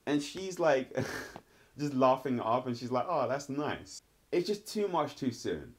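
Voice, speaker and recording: A man's voice: medium pitch, animated, unhurried, a little hiss or hum. A man casually reviewing a TV episode, rambling and filling his talk with "like" and "sort of". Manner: rambling, heavy use of "like" and "sort of". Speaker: TV show reviewer.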